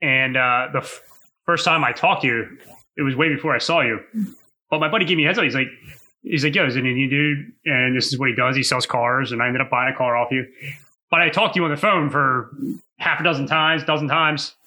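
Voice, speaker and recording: Sharp-toned man telling a story. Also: mid-range voice, fairly quick. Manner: relaxed storyteller, laughs easily. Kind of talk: casual chat.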